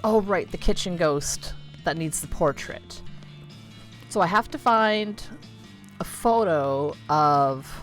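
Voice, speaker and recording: A woman's voice: on the low side, expressive, slow, faint music behind. A woman in her thirties chatting casually while playing a video game, rambling with lots of fillers and easy swearing. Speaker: streamer.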